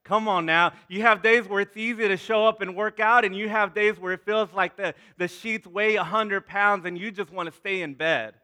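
A man's voice: sits high, sharp tone, smooth. A man in his thirties, a pastor leading prayer and preaching to a congregation, repeating words and calling out to the crowd. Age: 30s. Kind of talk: sermon with prayer.

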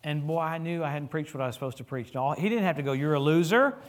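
A middle-aged man preaching a sermon in a church, telling stories with humor and swinging his voice up and down as he gets caught up. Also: quick pace. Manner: animated storytelling with humor, lively pitch swings. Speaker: guest preacher.

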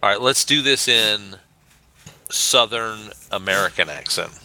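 A man's voice: on the low side, unhurried, slight background noise. A man co-hosting a podcast, bantering casually and reading a question aloud as a playful story. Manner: lively, storyteller reading questions with mock accent. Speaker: podcast co-host.

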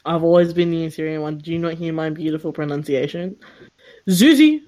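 A woman's voice: sits low, flat delivery, fast talker, mellow. A woman co-hosting a podcast in casual chat, giggly and teasing her friends. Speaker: podcast co-host.

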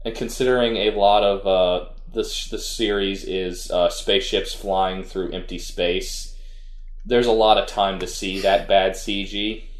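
Deep-voiced man rambling in an echoey room. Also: fairly even intonation, a little slow. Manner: rambling, with frequent restarts. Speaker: podcast co-host. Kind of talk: casual chat reviewing an anime.

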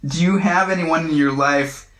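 A man with a fairly high voice leads a relaxed Bible study in a roomy, echoing space. He talks conversationally, restarts phrases and keeps checking in with his listeners. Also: normal speed. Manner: conversational, repeats words, asks "right?". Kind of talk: casual Bible teaching.

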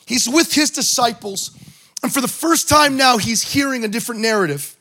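Male pastor, animated sermon delivery, high bright tenor, acts out scenes. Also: normal speed. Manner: animated preaching, acting out Bible scenes with shouts and joking asides.

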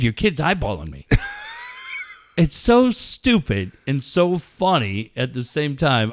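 A middle-aged man co-hosting a radio show, telling excitable stories in casual banter, swearing freely and acting out yelling. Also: medium pitch, dry recording, clean studio sound. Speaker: radio co-host.

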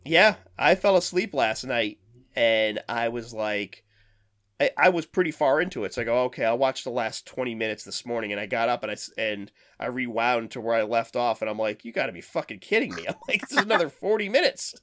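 A man hosting a casual talk show, telling animated stories and acting out the quotes. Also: mid-range voice, brisk. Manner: animated storyteller, acts out quotes. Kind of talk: casual chat.

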